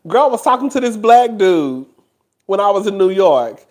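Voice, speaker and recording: High-pitched, chatty man. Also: normal speed. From Houston, Texas. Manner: animated and gossipy, laughs often, addresses listeners as "girl" and "child". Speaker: host. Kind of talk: casual chat to camera.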